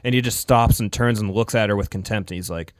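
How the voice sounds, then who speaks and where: A man's voice: fairly low pitch, fast talker, dry recording, clean studio sound. A man co-hosting a casual podcast chat, telling rambling anecdotes and laughing often. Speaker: podcast co-host.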